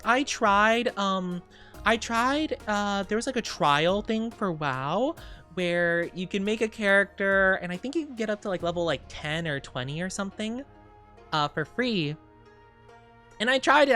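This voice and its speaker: A man's voice: high-pitched, bright, forceful tone. A young man streaming, chatting casually in a bubbly, rambling way, reading chat aloud and giggling often.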